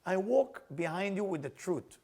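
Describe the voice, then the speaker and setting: Old patriarch played by a man, pleading, pitched high and wavering. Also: animated, normal speed, creaky, dark tone, breathy edge, full character voice. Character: aged patriarch pleading with God.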